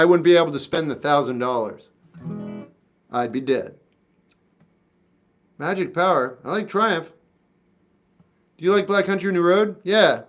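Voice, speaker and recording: A man's voice: fairly high pitch, a bit bright. A man in his forties from South Florida, casually chatting and answering viewers' questions on a music livestream, wry and laid-back.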